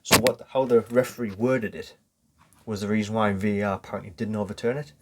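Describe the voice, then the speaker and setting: Low-voiced man chatting football. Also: fairly even intonation, quick pace. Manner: explains step by step, swears casually. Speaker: podcast co-host. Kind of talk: casual football podcast chat.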